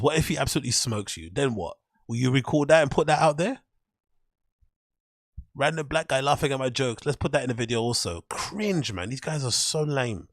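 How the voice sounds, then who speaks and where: A man's voice: medium pitch, no room sound, clean studio sound. A man hosting a show, giving casual, blunt and dismissive commentary on clips. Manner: blunt, dismissive, says "cringe" a lot. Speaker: host reacting to clips.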